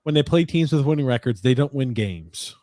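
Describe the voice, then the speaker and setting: A man's voice: medium pitch, lively intonation, a little fast, dark tone, dry recording. A young man hosting a casual sports chat, joking and bantering with his father and brother. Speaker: podcast host.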